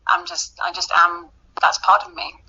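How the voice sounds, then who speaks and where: A woman's voice: fairly low pitch, big pitch swings, normal speed, gravelly, sharp tone, breathy edge. A British actress chatting casually in an interview, laughing often and filling her talk with ums and restarts. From Britain. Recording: dull lo-fi sound.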